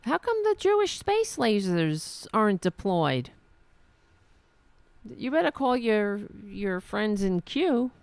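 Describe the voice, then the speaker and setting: A sarcastic woman hosts a political podcast, mocking and swearing freely. Her gravelly voice swings widely in pitch at an unhurried pace, and the sound is dry and close. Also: very animated, darkish tone, no echo. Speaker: podcast host. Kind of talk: political commentary.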